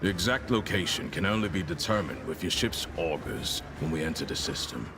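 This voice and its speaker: A man's voice: sits low, lively intonation, fairly quick, over music. An actor playing a stern male enforcer officer who gives formal, clipped orders.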